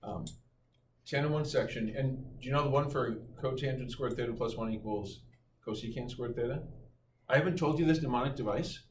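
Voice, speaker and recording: A middle-aged man teaching a calculus class, lively and joking with his students. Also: mid-range voice, a little fast. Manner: lively, playful, jokes with students. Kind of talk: classroom lecture. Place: high school classroom. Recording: echoey classroom from far off, noisy.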